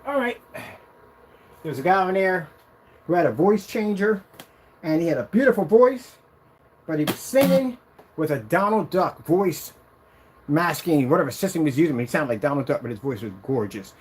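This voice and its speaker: A man casually demonstrating a projection screen on a vlog, excited and rambling, boasting about his product. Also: moderate pace, pauses often, slight background noise. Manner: sings snatches of a tune in a high voice.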